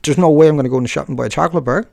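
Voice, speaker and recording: A man's voice: on the high side, racing, gravelly, a little mellow, no room sound, clean studio sound. A man video-blogging live, combative and scornful toward a commenter, breaking off into joking asides with viewers. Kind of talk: live-streamed rant to viewers.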